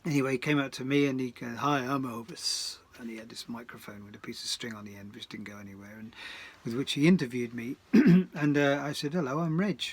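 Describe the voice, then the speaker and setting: A man's voice: medium pitch, fast talker, darkish tone, breathy edge. A singer-songwriter telling a rambling, hesitant story between songs, recorded in his garden shed, with dry asides.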